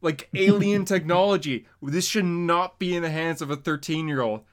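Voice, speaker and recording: A man's voice: a little high, moderate pace. A man co-hosting a casual podcast, recapping a comic issue with mocking exasperation. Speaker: podcast co-host. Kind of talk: casual comic-book chat.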